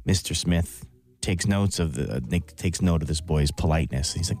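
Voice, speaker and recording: A deep-voiced young man tells a long joke on a radio show. He is playful and quick to laugh. A little music plays faintly under his voice. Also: darkish tone, dry recording. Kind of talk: casual radio banter, telling a long joke.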